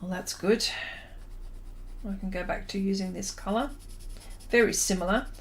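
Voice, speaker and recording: A woman's voice: mid-range voice, fairly even intonation. An Australian woman hosting a drawing livestream, chatting casually, reading viewer comments aloud and laughing often. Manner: slow, unhurried and thinking aloud while drawing.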